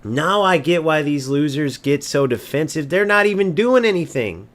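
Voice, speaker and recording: A man's voice: on the high side, animated, moderate pace, few pauses, a bit bright. A man streaming a football video game, ranting and mocking opponents while he swears freely. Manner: brash, mocking, insults opponents and swears often. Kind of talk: gameplay commentary rant.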